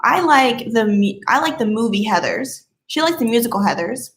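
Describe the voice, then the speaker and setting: Young woman w slight southern twang, kinda high voice, chatty and scattered, faint hum behind. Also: expressive, normal speed. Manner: rambling, giggly, easily sidetracked. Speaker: livestreamer. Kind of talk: casual live stream chat.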